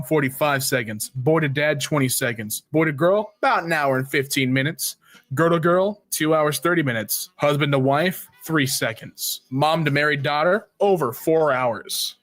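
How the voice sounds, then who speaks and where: A man's voice: on the high side, a bit bright, dry recording. A man reading memes aloud as a streamer, joking and briefly switching into silly voices. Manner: jokey, reads meme text in quick silly voices. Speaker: meme reaction streamer.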